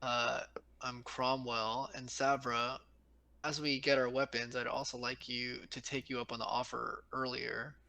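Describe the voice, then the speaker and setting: A man's voice: medium pitch, little pitch movement, measured pace, vocal fry, sharp tone, rough recording. A man playing a tabletop game, hesitant and asking questions. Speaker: player. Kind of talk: tabletop role-play.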